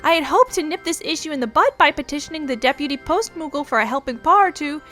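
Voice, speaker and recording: Woman doing a fussy squeaky moogle courier. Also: lively intonation, fast talker, bright, forceful tone, faint music behind. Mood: fussy exasperated. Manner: flustered, grumbling, formal. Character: fussy harried little male moogle courier.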